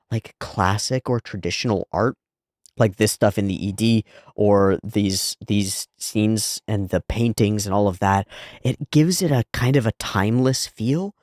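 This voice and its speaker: Earnest low-voiced man, dry close mic. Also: a little mellow, no room sound. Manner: earnest, thoughtful, with filler words. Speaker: anime reaction channel host. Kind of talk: casual reflective commentary.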